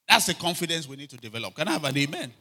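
A man preaching a sermon, telling animated stories and calling for amens. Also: fairly high pitch, racing. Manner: animated storytelling, shouting quoted cries, frequent calls for amen. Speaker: pastor.

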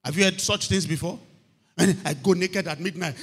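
A man's voice: high voice, fairly even intonation, normal speed, a bit bright, breathy edge. A man preaching a sermon, telling a story and often asking the listeners if they are hearing him. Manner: storytelling preacher, repeats phrases, asks "are you hearing me?". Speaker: pastor.

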